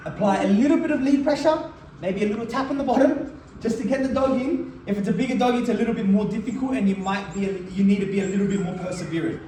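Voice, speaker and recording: A man teaches dog crate training in a direct, blunt instructional demonstration, often breaking off to talk to the dog. His voice is high and mellow at a quick pace. The mic is distant in a roomy space, with faint ambience and slight background noise.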